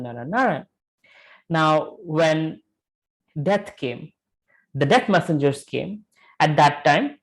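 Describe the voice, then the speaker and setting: A man giving a casual, animated storytelling lecture on scripture. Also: mid-range voice, low-quality recording. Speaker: spiritual teacher.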